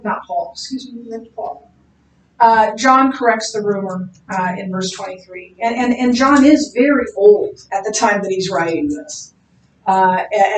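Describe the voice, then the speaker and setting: A woman's voice: medium pitch, far from the mic. A woman teaching a Bible class in a conversational way, with many fillers and restarts. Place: classroom or church room. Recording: roomy, from off-mic, faint background hum.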